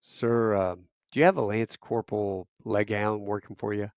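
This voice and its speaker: A man quoting a calm, serious male federal agent in a quiet, formal, polite voice. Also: fairly low pitch, moderate pace, dry recording, studio quality, lightly acted. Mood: grave.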